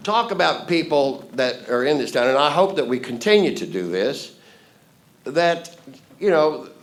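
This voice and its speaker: Guy spinning tall tales on a theatre stage, voice jumps all over, kinda high. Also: sing-song, unhurried, a little hiss or hum. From Fort Worth, Texas. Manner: folksy, playful, leads audience call-and-response. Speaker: storyteller host. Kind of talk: live stage storytelling. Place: theatre stage before a live audience.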